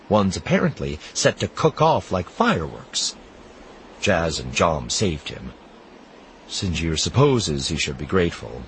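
A man narrating an audiobook in a measured, expressive storytelling manner. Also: low voice, slight background noise, low-quality recording.

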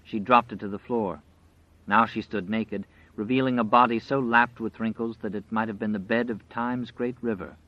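A man narrating an audiobook in a dramatic, measured storytelling style. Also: lowish voice, fairly even intonation. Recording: dry, slightly dull audio.

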